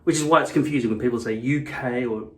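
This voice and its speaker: A man's voice: mid-range voice, fast. A man vlogging casually to camera, blunt and profane, wandering into rambling asides. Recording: echoey room.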